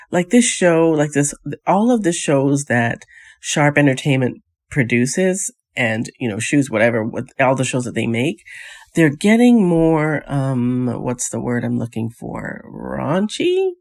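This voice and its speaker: A woman's voice: a bass voice, sing-song, moderate pace, darkish tone. A woman hosting a casual vlog. She rants with exasperated, scoffing rhetorical questions and rambles with frequent restarts. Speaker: vlog host. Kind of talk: casual reality TV recap commentary.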